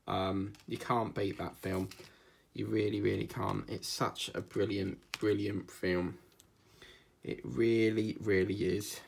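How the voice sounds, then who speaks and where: A man with a gravelly, creaky voice chats casually as he hosts a craft video. He rambles and digresses, jokes along the way and leans on plenty of fillers. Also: lowish voice, little pitch movement, slow, slight background noise. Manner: chatty, digressive, jokey, with many fillers. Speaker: craft channel host.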